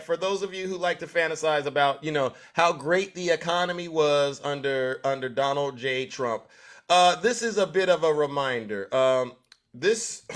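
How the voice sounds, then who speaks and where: A man's voice: fairly high pitch, fairly bright tone. A man hosting a live stream, preaching to his audience in a repetitive, scolding way. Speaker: livestream host. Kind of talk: live-stream political commentary.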